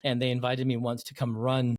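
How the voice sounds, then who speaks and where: Animated male podcast host, dry sound. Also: medium pitch, a little fast, no echo. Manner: animated storyteller who acts out quoted voices. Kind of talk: podcast interview.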